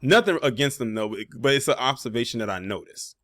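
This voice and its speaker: A man's voice: mid-range voice, expressive, a little fast, a bit bright, no echo. Sarcastic man reacting to a clip. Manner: conversational, pointed and sarcastic, with frequent fillers. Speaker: commentary video host. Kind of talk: casual reaction commentary.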